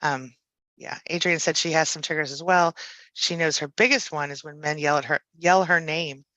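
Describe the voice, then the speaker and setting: A woman hosting a casual live chat, reading viewer comments aloud and talking in a halting way with frequent restarts. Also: low voice, steady tone, pushed and bright, dry recording, poor audio.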